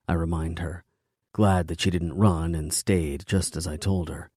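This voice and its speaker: A man narrating a romance audiobook in first person, measured and intimate. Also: low-pitched, fairly even intonation, mellow, breathy edge, no room sound, clean studio sound.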